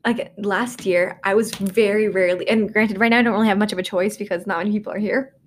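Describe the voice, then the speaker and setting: This podcast host in her 20s talks fast in a steady, mid-range voice, recording alone in her dorm room with a little hiss or hum. She rambles, downplays herself, and peppers everything with "um" and "like."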